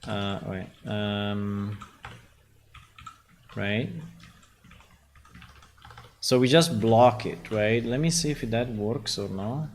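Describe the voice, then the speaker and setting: A man's voice: lowish voice, very slow, pauses often, a little hiss or hum. A man with an Italian accent, a game developer who thinks aloud while coding on a live stream and keeps checking in with "right?".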